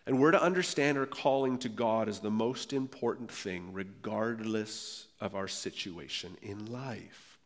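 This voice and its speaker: Man preaching in a reverberant hall. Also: fairly low pitch. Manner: earnest, emphatic, slows for key phrases. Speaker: pastor. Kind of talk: sermon. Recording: long reverb of a church hall.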